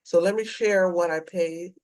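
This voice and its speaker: A middle-aged woman vlogging in a casual, earnest way to her viewers, reading out dollar figures slowly and carefully. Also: on the low side, steady tone, darkish tone, poor audio. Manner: slow, deliberate, earnest, reads figures out carefully. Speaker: personal finance vlogger. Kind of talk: casual talk to camera about debt payoff.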